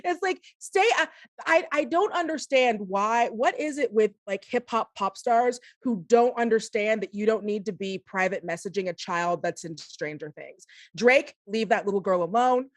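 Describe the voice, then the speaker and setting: Woman, panelist, casual chat, quick joking, dry close mic. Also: medium pitch, animated, no echo. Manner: quick, laughing jokes.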